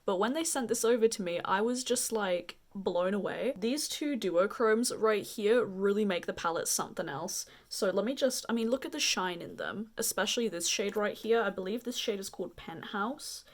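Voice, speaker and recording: A woman's voice: medium pitch, moderate pace, few pauses. Gushing woman beauty vlogger. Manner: gushing, enthusiastic; speaks with a slight accent. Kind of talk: makeup favourites review.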